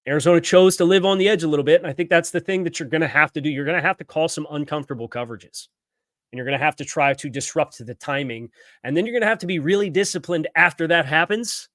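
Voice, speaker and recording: A man's voice: fairly high pitch, animated, brisk, a bit bright, no echo, studio quality. A man hosting a sports podcast, reading ads and then breaking down football tactics in a conversational way. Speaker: podcast host.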